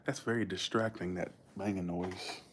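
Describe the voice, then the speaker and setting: A man from Georgia with a Southern accent, chatting bluntly and quickly to his livestream viewers, swearing freely. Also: deep voice, fairly even intonation, a little hiss or hum. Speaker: livestream host. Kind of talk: casual livestream chat.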